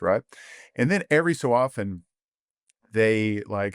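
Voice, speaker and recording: Male podcast host, low-pitched, eager and chatty, dry close sound. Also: normal speed, long pauses, smooth, no room sound. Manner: enthusiastic, full of fillers; acts out quoted dialogue in animated voices. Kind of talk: casual podcast conversation.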